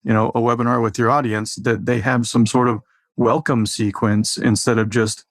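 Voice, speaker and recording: Guy walking through marketing stuff, steady, dry sound. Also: medium pitch, moderate pace, no room sound. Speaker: co-host, marketing team member. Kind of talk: casual business chat.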